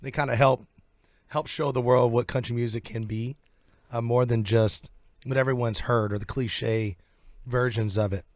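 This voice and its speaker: A man with a Southern US accent, talking as a country singer guest in a relaxed, rambling interview chat in a radio studio. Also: medium pitch, normal speed, no echo. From southern United States. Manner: relaxed, rambling, laughs easily.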